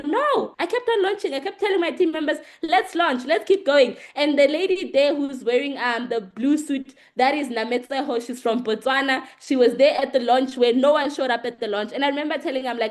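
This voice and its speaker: A woman giving an energetic business presentation to an audience, telling her story in short, repeated, emphatic sentences. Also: high-pitched, brisk, few pauses. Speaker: guest speaker.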